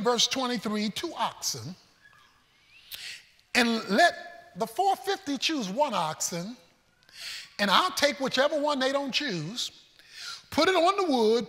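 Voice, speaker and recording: High-voiced, animated male preacher. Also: measured pace, big-room sound. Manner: animated preaching, shouting and then dropping to a hush; folksy, humorous storytelling. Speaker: pastor. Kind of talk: sermon.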